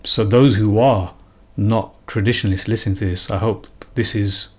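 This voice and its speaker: A religious commentator gives an unscripted talk in a lowish voice, speaking at a moderate pace with fairly even intonation. He is earnest and emphatic, often repeating and restarting phrases.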